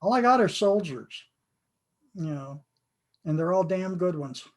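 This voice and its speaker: A man's voice: sits high, lively intonation, unhurried. An older American man, a game author, giving an earnest, reflective interview and often repeating himself. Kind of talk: conversational interview.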